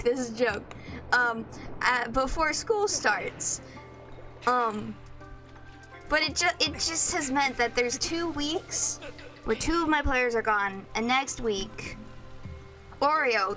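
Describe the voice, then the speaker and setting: Slow, rambling young woman streamer. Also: a little high. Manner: rambling, playful, with a sing-song lilt. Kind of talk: casual chat while gaming. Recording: loud game music behind.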